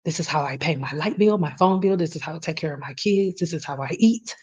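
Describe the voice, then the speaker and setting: A woman's voice: low-pitched, brisk, darkish tone, slightly rough, lo-fi sound. A woman who works as a cosmetologist, speaking bluntly and emphatically in a casual vlog, swearing freely and addressing her viewers directly. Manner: talks straight to the audience, calls them y'all.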